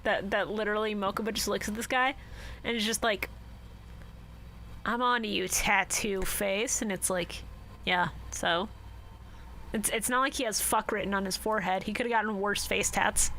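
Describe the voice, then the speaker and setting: Bright-voiced excitable woman podcaster. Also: medium pitch, fairly quick, a little hiss or hum. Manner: excited, swears, laughs along. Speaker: podcast co-host. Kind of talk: casual chat.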